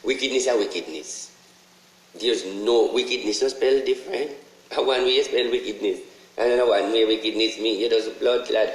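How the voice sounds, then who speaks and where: In a rough, roomy-sounding recording, a Jamaican-accented man rants online at a normal speed. His monologue is casual, preachy, repetitive and full of profanity, and his pitch leaps upward each time he hammers home a point.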